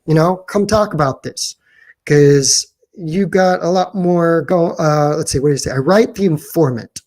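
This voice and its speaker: Argumentative man with halting restarts. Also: fairly high pitch, a little mellow. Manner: argumentative, with frequent pauses and restarts; defensive, challenging critics directly. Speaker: commentator. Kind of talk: unscripted opinion monologue.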